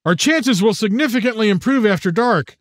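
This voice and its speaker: A man's voice: sits high, lively intonation, a little fast, no echo, studio quality, voice pushed up. A man voicing an anxious young man on the run, tense and urgent.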